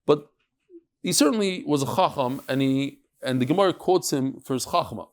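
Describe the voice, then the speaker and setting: A middle-aged man teaching a lively Talmud lesson to a live audience, mixing Hebrew and Yiddish terms and joking with listeners. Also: medium pitch, normal speed. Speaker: rabbi teaching a daily Talmud class. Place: study hall with a live audience.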